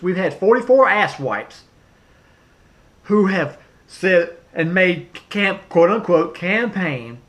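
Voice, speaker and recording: A man, pitched a little high for a man, delivers a political rant to camera. He talks emphatically and repeats phrases, stumbling through fillers and restarts. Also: fairly bright tone. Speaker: vlogger.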